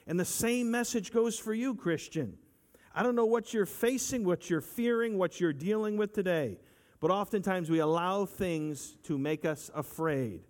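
A man's voice: high-pitched, normal speed. A man preaching a sermon in an earnest voice, repeating his phrases and asking the listeners for agreement. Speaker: pastor.

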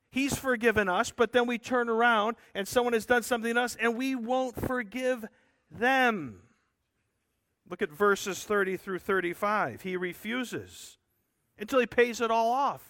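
A man's voice: high voice, pushed and bright, no echo, clean studio sound. A man preaching a sermon, explaining a scripture passage in an earnest, emphatic way with rhetorical asides to his listeners.

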